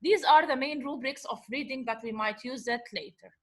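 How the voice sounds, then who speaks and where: A woman's voice: high-pitched, moderate pace. A woman teaching an Arabic revision lesson, patiently sounding out words syllable by syllable. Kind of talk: revision lecture.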